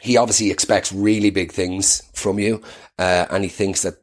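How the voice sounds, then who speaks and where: Hushed, deep-voiced HR manager, put on by an Irish man: polite and evasive. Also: steady tone. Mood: placating. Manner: soft, measured corporate tone with hesitant fillers. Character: low-voiced male office HR manager, smoothly apologetic.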